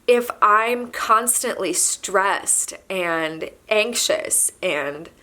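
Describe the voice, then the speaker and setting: A young woman vlogging to camera, halting and soft-spoken as she admits she is pregnant and emotional. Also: mid-range voice. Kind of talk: candid emotional confession to camera.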